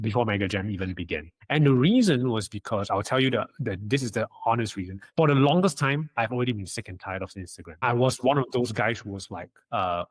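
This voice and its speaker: A young man and podcast guest in casual chat, telling animated stories, acting out quotes and often stammering through restarts. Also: on the low side, dry recording.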